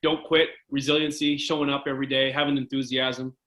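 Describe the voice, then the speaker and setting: A man from Canada, a former hockey goalie, casually telling animated stories as a podcast guest. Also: mid-range voice, brisk, reverberant, low-quality recording. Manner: animated anecdote-telling, filler-heavy. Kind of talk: casual storytelling interview.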